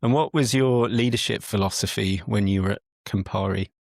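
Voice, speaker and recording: A male podcast host asking gently probing questions and giving brief affirmations. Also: fairly low pitch, fairly quick, gravelly, no room sound, studio quality. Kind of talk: interview questions.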